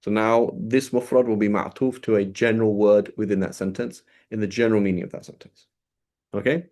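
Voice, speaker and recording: A man with a low-set voice teaches grammar to a small group. He works through each point step by step and checks understanding with a quick "right?" after almost every idea. He is heard over a video call. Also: fairly even intonation, darkish tone. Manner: explanatory, checks in with frequent "right?".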